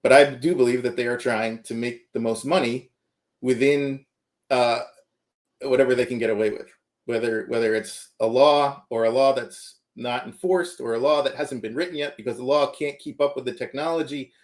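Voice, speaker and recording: A man's voice: mid-range voice, steady tone, normal speed. A man, a computer science professor, giving earnest interview answers and checking in with the listener as he explains.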